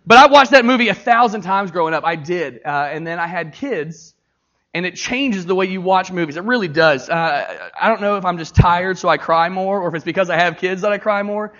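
A middle-aged man preaching a sermon, joking with his listeners and speaking with earnest feeling. His voice sits high and bright. The recording sounds dull and lo-fi. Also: brisk. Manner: animated, jokey, crowd-engaging; earnest and emotional. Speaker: pastor.

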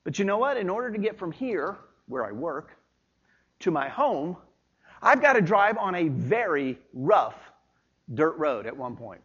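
A man's voice: a little high, big pitch swings, a little slow, fairly bright tone, husky, lo-fi sound. A male pastor preaching a Sunday sermon in a church, conversational and folksy, with homey asides.

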